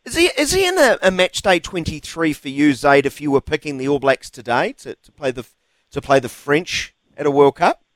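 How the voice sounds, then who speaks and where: Kiwi radio host guy, jokey banter with callers, dry studio sound, slightly high voice. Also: big pitch swings, moderate pace, no room sound. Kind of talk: talkback radio hosting.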